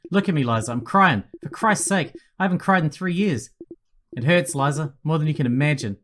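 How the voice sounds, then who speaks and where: A man's voice: fairly high pitch, fairly quick, fairly bright tone, slight background noise, close to an everyday voice. A man voicing a dying man who is bitter, desperate and prone to swearing. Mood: pleading. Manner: pleading, swearing, breaking into pained outbursts.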